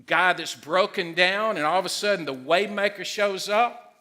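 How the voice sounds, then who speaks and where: Excitable high-voiced pastor preaching. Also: male voice, normal speed. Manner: excitable, emphatic, loud at times. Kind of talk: sermon.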